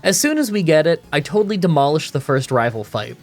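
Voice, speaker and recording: A man's voice: a little high, very animated, fairly quick, faint music behind. A man reading scripted voice-over commentary for a game challenge video, with a groggy morning voice, a stuffy nasal sound and dry self-mocking humor, recorded in a booth. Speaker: gaming YouTuber.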